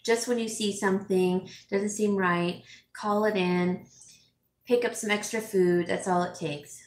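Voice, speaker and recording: A woman's voice: medium pitch, steady tone, a little slow, slight background noise. A middle-aged woman talks to her viewers in a loose, chatty way, full of fillers and little laughs. She sounds teary and sniffly, with a voice that sits mid-range. The room around her echoes. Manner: emotional, chatty, laughs often, many fillers. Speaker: home stager and vlogger. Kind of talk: casual chat reading viewer comments.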